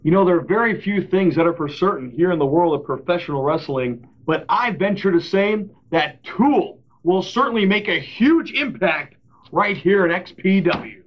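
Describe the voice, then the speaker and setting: A man commentating on wrestling TV in a measured way. His voice is high. The recording is dull and lo-fi. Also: animated.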